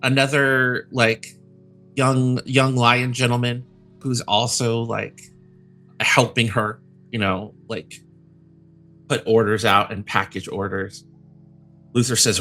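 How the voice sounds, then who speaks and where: A man's voice: mid-range voice, level tone, takes it slowly, pauses often, pushed and bright. Guy running a tabletop game, loose and rambly, music under it. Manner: casual, rambling, many fillers. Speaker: game master.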